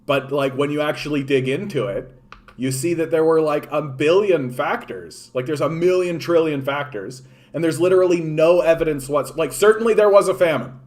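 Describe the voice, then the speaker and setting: A man's voice: fairly high pitch, normal speed. Profane man ranting casually. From Canada. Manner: profane, animated, filler-heavy, reacting to chat. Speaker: streamer. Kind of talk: casual political rant.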